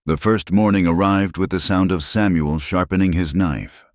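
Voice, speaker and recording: A man narrating a western story in slow, measured scripted narration. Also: low voice, fairly even intonation, dry recording, clean studio sound.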